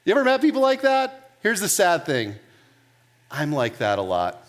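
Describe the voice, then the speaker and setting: Male pastor, 30s, high-pitched, casual and animated sermon delivery. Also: normal speed. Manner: casual, self-mocking storytelling; animated, with laughs.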